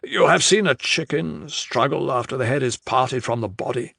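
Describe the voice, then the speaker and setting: A man voicing a coldly detached, inhuman general who speaks flatly and without emotion. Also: mid-range voice, vocal fry, slightly rough, no room sound, studio quality, heavily acted. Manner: flat, detached, unhurried.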